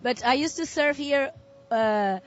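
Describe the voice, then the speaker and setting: A woman's voice: high-pitched, unhurried, dull audio. A woman athlete interviewed after her heat, friendly and speaking in simple second-language phrasing.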